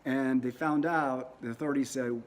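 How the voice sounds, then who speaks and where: A man's voice: medium pitch, fairly even intonation, moderate pace. A man teaching a lesson in a casual, conversational way, often repeating words as he tells a story. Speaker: religious teacher.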